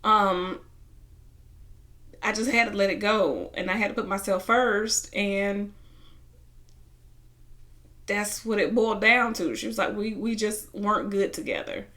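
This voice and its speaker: A woman's voice: medium pitch, measured pace, long pauses. A young woman casually recapping a reality show, retelling scenes and acting out what people said. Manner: animated retelling, acting out quotes, bursts of laughter.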